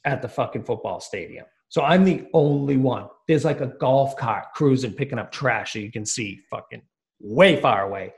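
A man's voice: mid-range voice, darkish tone. A man on a podcast telling a long, rambling, profane story in casual talk. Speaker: podcast guest.

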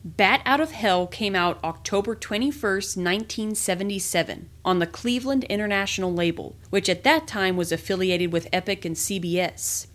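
Expressive woman reading a memoir aloud. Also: medium pitch, moderate pace. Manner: lively, expressive storytelling. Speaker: podcast reader. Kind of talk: first-person memoir reading.

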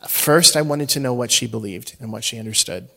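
A man in his thirties with a gravelly edge to his mid-range voice tells a personal story from the pulpit. His delivery is chatty and humorous, and he slips into the voices of the people in his story. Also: mid-range voice, fairly quick, bright, forceful tone. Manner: conversational and humorous, acts out quoted dialogue. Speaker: speaker, father. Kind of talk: storytelling sermon.

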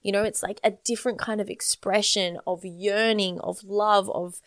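A woman gives a relationship-coaching talk in a flowing, earnest manner and drops the odd casual swear. Her voice sits at an ordinary pitch for a woman. The sound is dry and close, with little room echo. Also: fairly even intonation, moderate pace. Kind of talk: coaching monologue to camera.

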